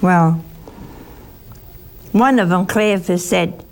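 A woman's voice: mid-range voice, lively intonation, slow pace, vocal fry, long pauses, a little mellow. An older woman teaching a Bible lesson, chatty and teasing, asking her listeners questions. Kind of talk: sermon-style Bible teaching.

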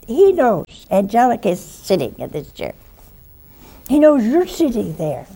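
A woman preacher giving a sermon, swinging between loud exclamations and hushed asides and laughing often. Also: fairly high pitch, huge pitch swings, measured pace, vocal fry, husky.

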